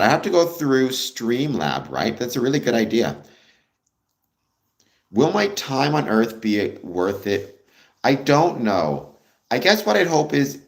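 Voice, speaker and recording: A Canadian man hosting a livestream, chatting casually with viewers in a friendly, rambling way with many ums. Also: deep voice. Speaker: livestream host.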